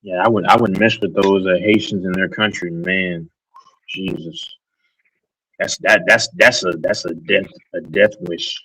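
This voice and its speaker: Low-voiced man in rambling stream chat. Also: steady tone, unhurried, bright, forceful tone, a little hiss or hum, poor audio. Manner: rambling, joking, reads and answers chat. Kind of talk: casual live stream chat.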